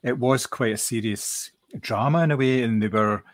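A man chatting casually about a film, relaxed and halting with many restarts. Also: medium pitch. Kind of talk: casual film review chat.

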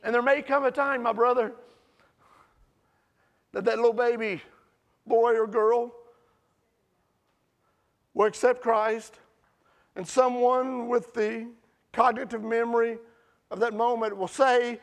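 A preacher man with a strikingly high, gravelly voice tells a story from the pulpit, his delivery animated and swelling into shouts at its peaks. The sermon style is lively and conversational. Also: slow pace, long pauses. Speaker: pastor.

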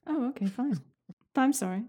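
A woman's voice: on the high side, lively intonation, normal speed, warm tone, slightly rough. A woman co-hosting a podcast who chats casually and cuts in with playful, teasing remarks. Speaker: podcast co-host. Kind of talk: casual chat.

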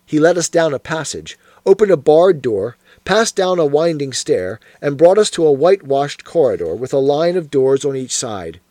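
Man reading a story aloud, lively rise and fall, dry close mic. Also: a little high, normal speed, hardly any pauses, dry recording. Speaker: audiobook narrator. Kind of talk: scripted storybook narration.

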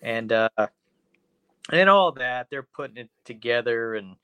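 A male podcast co-host in casual comedic chat with a bright, edgy tone. He tells the story loosely, with fillers and curse words. The recording is dry and close. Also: mid-range voice, lively intonation, a little slow, clean tone, no echo.

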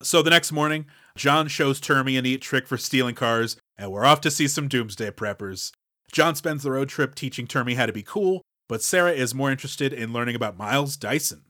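A man's voice: medium pitch, fairly quick, bright, forceful tone, no room sound, studio quality. A man co-hosting a casual movie podcast, explaining film techniques in a loose, filler-heavy way. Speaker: podcast co-host.

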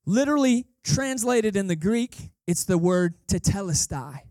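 A man's voice: high-pitched, animated, measured pace, a little mellow, no room sound, clean studio sound. A man preaching as a guest pastor, casual and storytelling, who repeats phrases for emphasis. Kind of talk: conversational sermon. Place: church service.

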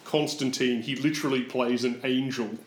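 A man's voice: medium pitch, fairly even intonation, fairly quick. A man co-hosting a casual chat, with wry, sardonic remarks and frequent swearing. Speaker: podcast co-host. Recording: roomy with faint background noise.

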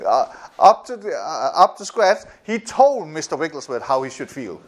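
A man preaching a sermon in an animated way, repeating phrases and often laughing. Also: high-pitched, moderate pace, hardly any pauses.

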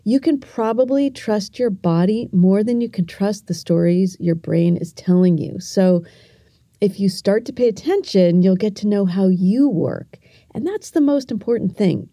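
A middle-aged woman hosting a podcast who tells a story and teaches kids in an earnest, gentle way, speaking directly to the listener. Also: mid-range voice, unhurried, no room sound, studio quality. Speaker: podcast host.

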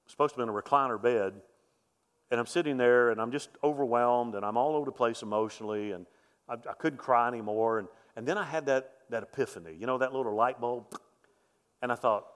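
Earnest pastor in a reverberant hall. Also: male voice, medium pitch. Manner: heartfelt storytelling with quoted voices, swelling and dropping to a hush. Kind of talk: sermon. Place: church sanctuary. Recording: long reverb of a church hall.

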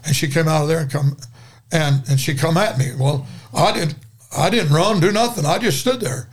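A man's voice: on the high side, moderate pace, husky. An older man, a guest preacher, telling a dramatic story in a folksy, rambling way during a podcast conversation.

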